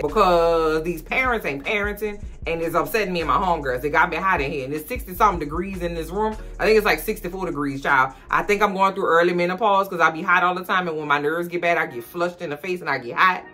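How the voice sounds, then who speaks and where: A bright, forward-sounding woman with a Southern US accent delivers a slangy, dramatic TV recap. Her voice leaps up and drops down as she reacts, with faint music under her. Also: brisk. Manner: animated and dramatic, big pitch swings, slangy. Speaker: TV recap vlogger. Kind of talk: sassy casual TV recap commentary. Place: room indoors.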